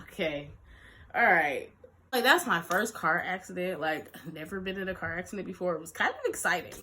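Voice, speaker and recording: A young woman vlogger telling a story in a lively, animated way, acting out quotes and laughing often. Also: lowish voice, brisk. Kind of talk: storytime vlog.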